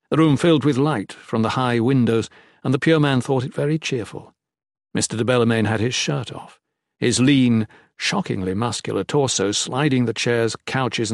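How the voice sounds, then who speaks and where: A man's voice: mid-range voice, no room sound. Man reading an audiobook in a dry studio. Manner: measured, descriptive. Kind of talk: audiobook narration.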